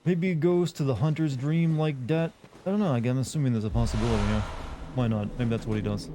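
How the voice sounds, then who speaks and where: A man streaming live gameplay, reacting loudly and swearing as he plays. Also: medium pitch, fast. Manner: excitable, swears a lot, reacts aloud to the game. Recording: game noise loud behind the voice.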